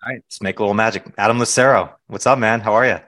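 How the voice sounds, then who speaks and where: A man hosting a podcast interview in a relaxed, casual way. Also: on the low side, fast. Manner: relaxed, laid-back with fillers. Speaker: podcast host.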